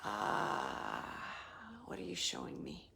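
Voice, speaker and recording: A woman working as a medium, giving a live spirit reading in a soft, halting voice that often drops to a whisper as she searches for words. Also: rumbling low, wildly swooping pitch, creaky. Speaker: psychic medium.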